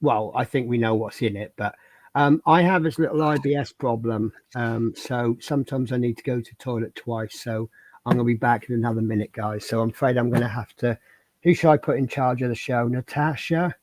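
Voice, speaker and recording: A man's voice: mid-range voice, a little fast, a little mellow, no room sound. A man hosting a livestream, chatting casually and telling rambling anecdotes. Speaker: livestream host. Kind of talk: casual chat and storytelling.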